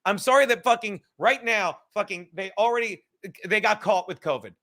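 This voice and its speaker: A man's voice: high-pitched, normal speed, fairly bright tone. A man hosting a podcast, ranting casually with heavy swearing and sarcastic asides. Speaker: podcast host. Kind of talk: casual rant.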